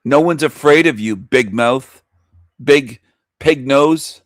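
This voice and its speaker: A man's voice: mid-range voice, takes it slowly, no room sound, clean studio sound. A middle-aged man hosting a show, giving crude, sneering reaction commentary. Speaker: host.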